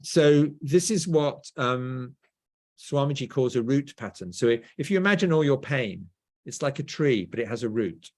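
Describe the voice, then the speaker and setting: A middle-aged Englishman with a clear BBC-style southern accent, talking at a medium pitch as he tells stories to an interviewer. He tags his points with "right?" as he goes. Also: expressive, moderate pace, darkish tone. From England. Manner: storytelling, often adds "right?". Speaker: guest author. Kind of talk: conversational interview.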